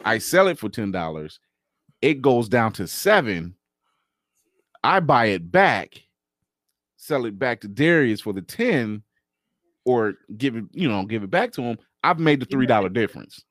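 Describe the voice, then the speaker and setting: Lively man explaining in casual chat. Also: mid-range voice, a little slow, pauses often, dry recording, studio quality. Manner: explaining at length, lively, laughs often. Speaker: podcast co-host.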